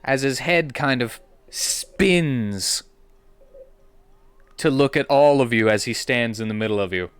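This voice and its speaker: A man narrating as game master of a comedic tabletop game, playful and animated. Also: medium pitch, takes it slowly, pauses often, clean tone, dry recording.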